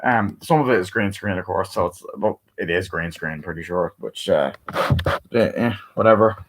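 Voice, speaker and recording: A man's voice: low-pitched, normal speed, slight background noise. A tired man giving a rambling, casual movie review, swearing a lot and using many fillers.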